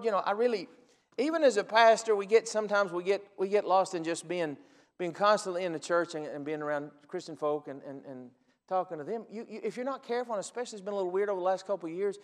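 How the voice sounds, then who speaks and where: A man, a pastor telling folksy stories in a sermon and acting out phone calls, building to loud preaching. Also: high-pitched, long reverb tail. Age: 40s.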